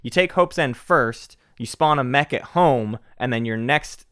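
A man co-hosting a casual board game strategy chat, talking in an animated way with frequent fillers. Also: medium pitch, a little slow, clean tone. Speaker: co-host.

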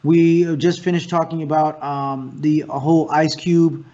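A man, a guest actor and comedian, talking in a casual interview as an animated, profane storyteller. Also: on the high side, unhurried, dull audio.

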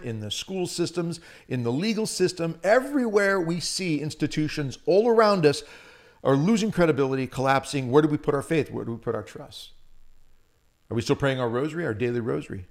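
A man preaching a Catholic sermon with passion, moving between loud emphasis and hushed asides. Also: a little high.

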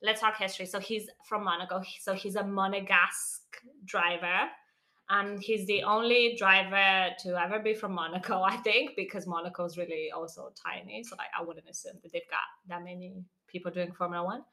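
A woman with a bright, clear tone talks through a topic in a loose, chatty way. She strings thoughts together with lots of "like" and "um", laughing now and then as she goes. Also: mid-range voice, fairly even intonation, brisk. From non-English name, living in London. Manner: chatty, explains with many fillers and laughs. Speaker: podcast co-host. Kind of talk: casual chat.

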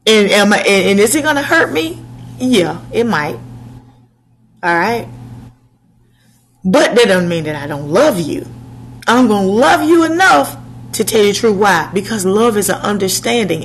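A woman preaching a slow sermon to her channel's viewers, asking rhetorical questions and answering them. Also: medium pitch, lively intonation, slight background noise, rough recording.

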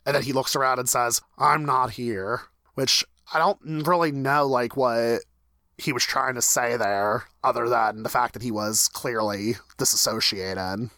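Bright-voiced man co-hosting a recap podcast. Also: medium pitch, steady tone, dry recording. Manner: thoughtful, measured, reads a monologue aloud. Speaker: podcast co-host. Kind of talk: casual recap chat.

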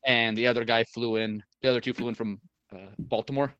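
A man's voice: mid-range voice, steady tone, a little fast, fairly bright tone, smooth, no echo, dull audio. A man telling a long story in casual chat, rambling with many fillers and restarts and the odd swear word.

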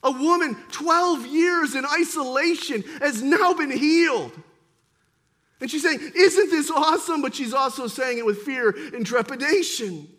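A man preaching a sermon as pastor, swinging between forceful emphasis and quiet intensity. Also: very high-pitched, measured pace.

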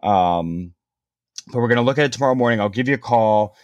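A man's voice: medium pitch, brisk, a little mellow, dry recording, dull audio. Young man, casual storyteller, rambling, filler-heavy, dry recording. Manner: rambling, lots of "like", swears casually.

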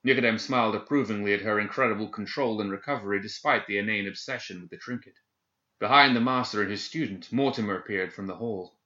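Man reading dark fantasy, lowish voice, bright edge, dull lo-fi sound. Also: echoey room. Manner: measured, dramatic reading. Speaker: narrator. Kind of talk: scripted dark fantasy narration. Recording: dull lo-fi recording.

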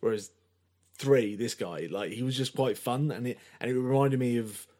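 A man's voice: medium pitch, normal speed. A man co-hosting a podcast, chatting casually about a film with rambling, filler-heavy sentences. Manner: rambling, animated, many fillers. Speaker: podcast co-host. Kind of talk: casual film review chat.

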